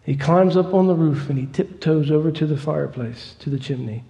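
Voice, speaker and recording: A man's voice: on the high side, a little fast, vocal fry, lo-fi sound. A man preaching a sermon, telling a story with growing fervor. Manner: storytelling, fervent, rising to loud excitement. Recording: long hall reverb.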